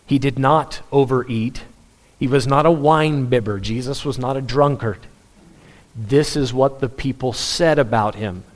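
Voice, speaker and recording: A man preaching at a medium pitch. He speaks earnestly and emphatically, leaning on rhetorical questions and repeated phrases to drive his point home. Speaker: pastor. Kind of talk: sermon.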